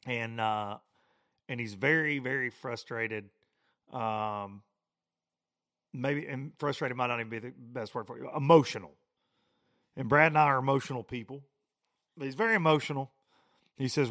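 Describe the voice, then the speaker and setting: Animated man telling a story. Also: mid-range voice, moderate pace, long pauses. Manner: animated storytelling, frequent restarts and repeats. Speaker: podcast host. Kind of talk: casual podcast monologue.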